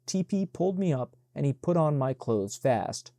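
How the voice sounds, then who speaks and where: A man narrating an audiobook in an even, measured reading. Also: a little high, no room sound, studio quality.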